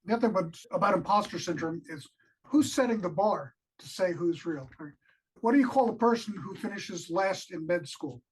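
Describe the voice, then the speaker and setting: A man's voice: high voice, lively intonation, moderate pace, slightly rough, poor audio. A man co-hosting a podcast interview in a casual, rambling way, encouraging the guest and telling jokes and anecdotes.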